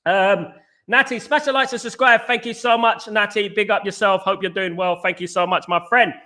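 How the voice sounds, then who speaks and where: A middle-aged man from England hosting a casual live stream, reading chat and giving emphatic, repetitive shout-outs. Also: high voice, steady tone, normal speed.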